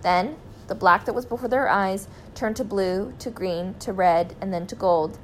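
A woman reading a children's story aloud in a clear, expressive way. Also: medium pitch, normal speed, slight background noise, rough recording.

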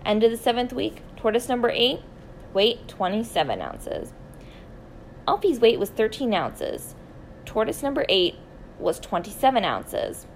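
A woman reading a children's story aloud, expressive and deliberate, slowing down for emphasis. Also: fairly high pitch, a little hiss or hum, poor audio.

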